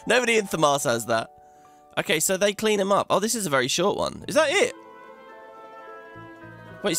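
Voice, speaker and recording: Animated, chatty male game commentator. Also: a little high. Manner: chatty, animated, laughs often, thinks aloud. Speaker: let's play host.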